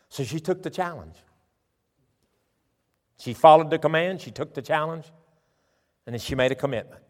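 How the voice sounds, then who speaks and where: A man's voice: medium pitch, fairly quick, long pauses. Southern preacher man in a reverberant church. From southern Tennessee and northern Alabama. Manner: folksy, animated preaching with asides. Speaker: pastor. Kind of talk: sermon. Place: large church sanctuary.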